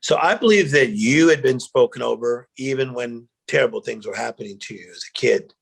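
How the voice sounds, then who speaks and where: Gravelly-voiced man telling stories. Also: mid-range voice, a little fast. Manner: animated storyteller, acts out quotes, emotional. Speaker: guest, motivational speaker. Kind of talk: storytelling interview chat.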